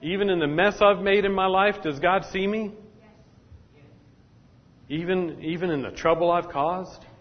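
A man's voice: sits high, unhurried, long pauses. A man preaching a sermon as pastor, talking straight to the congregation and repeating his points. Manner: repetitive, call-and-response preaching. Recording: dull, echoey hall sound.

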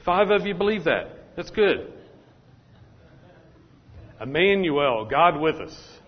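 This male pastor's slightly high voice is very animated, and he preaches slowly. He talks right to the congregation, restating his points in a repetitive call-and-response manner, captured with a dull, echoing hall sound.

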